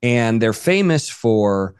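A man's voice: mid-range voice, sing-song, slow pace, darkish tone, clean tone, dry recording, studio quality. A man co-hosting a podcast, chatting casually in an upbeat, joking way. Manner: upbeat, joking, enthusiastic storyteller. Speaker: podcast co-host. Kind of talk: casual chat.

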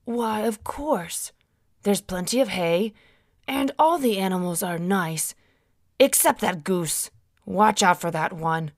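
A raspy old barn keeper, kindly and jolly, drawls his words slowly in a children's storybook reading, as a woman puts him on. The recording is dry and close. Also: mid-range voice, no echo.

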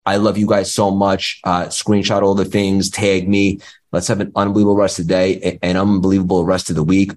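A man's voice: low-pitched, flat delivery, brisk, a little mellow. A man hosting a live online community talk, effusive and emotional, stammering over his words. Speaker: host.

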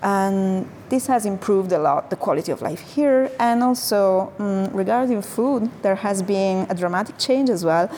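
Hesitant woman guest, mid-pitched. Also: animated, moderate pace, few pauses, mellow, slight background noise. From Genoa, Italy. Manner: hesitant, many fillers while searching for words. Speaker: food coach, guest. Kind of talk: conversational interview.

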